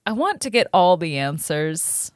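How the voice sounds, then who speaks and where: A woman co-hosting a comedy podcast, playful and quick with jokes and banter. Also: fairly low pitch, big pitch swings, no echo, clean studio sound. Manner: playful, quick to joke and laugh. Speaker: podcast co-host. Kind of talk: casual comedic chat.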